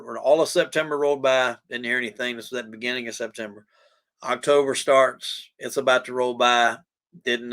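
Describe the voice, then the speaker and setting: A man's voice: mid-range voice, sharp tone. A man with a Southern US accent, telling his own story as a podcast guest in a plain-spoken, folksy way, emotional as he talks. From USA. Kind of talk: casual storytelling.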